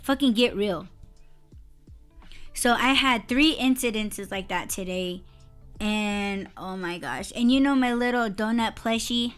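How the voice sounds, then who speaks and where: A woman's voice: mid-range voice, measured pace, clean tone, faint music behind. A woman co-hosting a casual podcast, telling a story in a heated, profane way and breaking into laughter. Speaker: podcast co-host.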